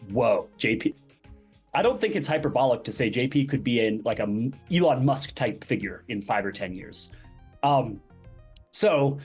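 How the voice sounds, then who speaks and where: Animated man telling a story, faint music. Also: medium pitch, breathy edge. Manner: animated storyteller, acts out quoted dialogue. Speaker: podcast guest, crypto project founder. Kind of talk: casual interview storytelling.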